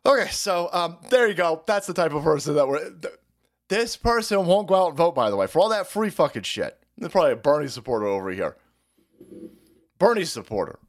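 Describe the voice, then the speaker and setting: A man hosting a livestream in a loud, profane rant, mocking his audience with frequent laughter. His voice sits a bit higher than most men's. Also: sing-song, a little fast. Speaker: streamer host. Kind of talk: ranting livestream commentary.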